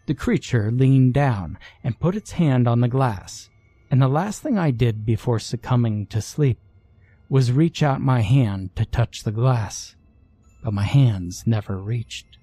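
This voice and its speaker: Slow, husky male horror narrator. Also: medium pitch, expressive, warm tone, no echo, soft background music. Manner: measured first-person storytelling. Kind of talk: scripted horror story narration.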